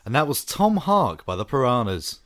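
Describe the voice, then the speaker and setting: A man's voice: medium pitch, very animated, normal speed, fairly bright tone. Dry-humoured man co-hosting. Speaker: podcast co-host. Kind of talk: casual film review chat.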